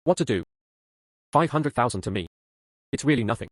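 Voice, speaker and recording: Cool rich young man, a man reading, matter-of-fact, mid pitch, dry close sound. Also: lively intonation, brisk, no room sound, close to an everyday voice. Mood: calm.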